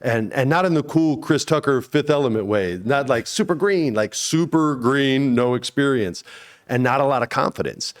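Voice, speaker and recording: A man in his forties, an actor as interview guest, telling stories casually and acting out quotes with sudden high bursts. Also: animated, normal speed.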